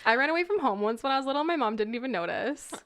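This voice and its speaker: A woman's voice: sits high, expressive, racing, fairly bright tone. A young adult woman co-hosting a podcast, telling childhood stories in a chatty, casual way with many likes. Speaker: podcast co-host. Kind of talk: casual chat.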